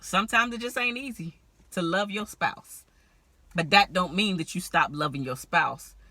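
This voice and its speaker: A woman relationship strategist talking to camera in a vlog, candid and animated, laughing often as she gives marriage advice. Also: fairly low pitch, normal speed, no room sound.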